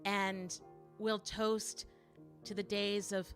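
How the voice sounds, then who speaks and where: A middle-aged woman, a singer and show host, telling a story slowly and thoughtfully at home between songs on a livestream, with frequent restarts. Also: mid-range voice, bright, forceful tone, soft background music. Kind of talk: casual spoken intro between songs on a livestream.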